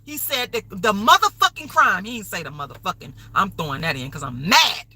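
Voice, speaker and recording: A woman's voice: medium pitch, sing-song, a little fast, hardly any pauses, sharp tone, husky, low-quality recording. A woman hosting a livestream, delivering an angry, profane, repetitive rant. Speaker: livestream host.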